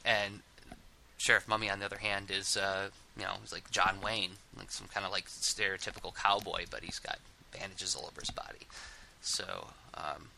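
Man, host, casual interview, low pitch, rambling, restarts. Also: steady tone, normal speed, creaky, bright, forceful tone, slight background noise, low-quality recording. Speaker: host of a comics podcast.

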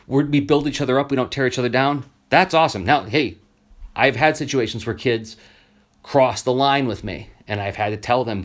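A man's voice: mid-range voice, moderate pace. A man, a teacher hosting his own podcast, talking casually and acting out the voices of people in his stories. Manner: animated storyteller, acts out quoted voices. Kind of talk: casual solo podcast monologue.

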